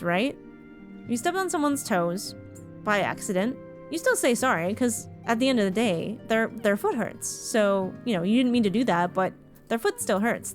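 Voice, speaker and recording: Chatty Canadian woman streamer, fairly high voice. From Ontario, Canada. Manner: chatty, frank, swears casually. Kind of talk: casual live-stream chat while gaming.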